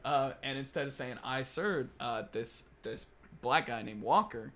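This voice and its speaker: A man's voice: mid-range voice, unhurried. Young man telling swear-laden stories. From Kentucky. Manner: swears constantly, animated storytelling with laughing asides. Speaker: podcast host. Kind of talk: casual storytelling chat.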